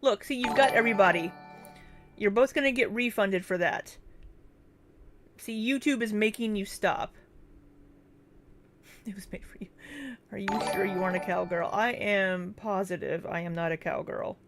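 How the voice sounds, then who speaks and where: A young woman chats with her livestream audience in a relaxed, casual way. She reads out viewer names and thanks them one after another. Her replies come with frequent, easy laughter. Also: mid-range voice, moderate pace, pauses often, faint music behind. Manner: laughs often between chat replies. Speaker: livestream host. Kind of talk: casual livestream chat reading.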